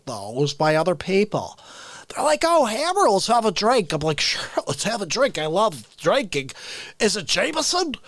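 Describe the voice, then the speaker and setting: A man voicing a rowdy, boozy male character in live improv comedy, shouting and breaking into giggles. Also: sits high, dry recording, heavily acted. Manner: squealing shouts and giggling fits. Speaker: livestream comedy host.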